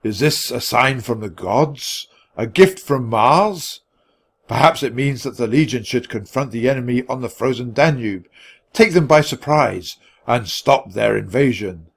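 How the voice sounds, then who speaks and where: A man voicing a wise, calm Roman emperor in a storybook reading, with measured, dignified speech. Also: mid-range voice, gravelly.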